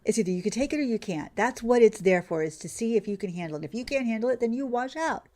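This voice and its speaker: A woman's voice: expressive, fast talker, warm tone. A woman streamer ranting in casual chat while playing a farming game, often losing her train of thought. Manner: ranting, loses her train of thought, mimics others in a higher voice. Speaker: gaming streamer.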